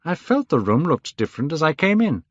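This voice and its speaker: A man reading aloud, voicing a gentle, devoted male painter who speaks in a raised, earnest, coaxing tone. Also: fairly high pitch, sing-song, a little fast, dry recording, pitched above the performer's own voice. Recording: dull, dry lo-fi recording.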